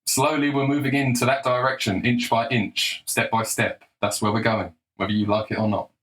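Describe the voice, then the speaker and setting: A man's voice: mid-range voice, little pitch movement, normal speed, fairly bright tone, rough recording. A young man giving a blunt, combative, sarcastic opinion monologue, swearing freely. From England. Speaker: political commentator.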